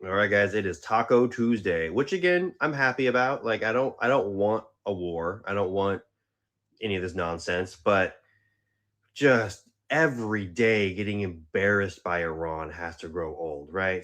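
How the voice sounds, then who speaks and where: A man venting casually about the news, exasperated, acting out both sides in quick asides. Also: deep voice, a bit bright. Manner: exasperated, acts out quotes. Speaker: online commentator. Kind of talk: casual chat.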